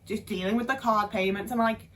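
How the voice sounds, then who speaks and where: A woman's voice: medium pitch, steady tone, a little fast, fairly bright tone, slight background noise. A young woman talking frankly in a casual monologue, swearing freely and restarting her sentences. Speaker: vlogger.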